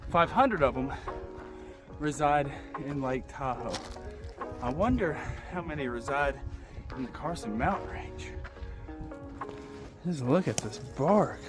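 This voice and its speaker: A man's voice: on the high side, expressive, a little slow, pauses often, over music. A man from Appalachia chatting casually to the camera as he hikes a mountain trail outdoors, upbeat and at times winded on the climb. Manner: chatty, upbeat, talks to camera while hiking. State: out of breath on the climb. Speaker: hiking vlogger.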